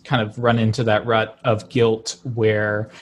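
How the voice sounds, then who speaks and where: A man hosting an interview podcast, talking in a relaxed, affirming way. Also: fairly low pitch, unhurried, slight background noise. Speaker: podcast host. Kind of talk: casual interview chat.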